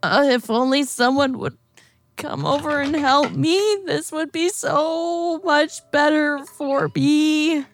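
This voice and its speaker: A woman's voice: sits high, measured pace, hardly any pauses, fairly bright tone, pitched above the performer's own voice. A woman voicing a demanding, whiny adventurer stuck on the floor in a tabletop game.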